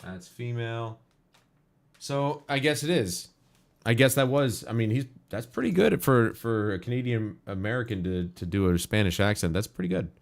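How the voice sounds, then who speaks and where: A man hosting a casual gaming livestream, reacting aloud in a rambling, frank and opinionated way. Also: on the low side. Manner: rambling, musing aloud, frequent restarts.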